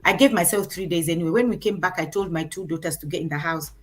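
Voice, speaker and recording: Talking fast in a lower register, a middle-aged woman with a Kenyan accent shares a parenting story as a guest in a conversation. She's animated and acts out what people said.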